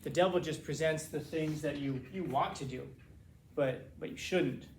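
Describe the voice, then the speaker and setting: Male teacher, fairly high voice, loose conversational lecture, echoey classroom with faint hum. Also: moderate pace. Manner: casual, repeats words when searching for phrasing.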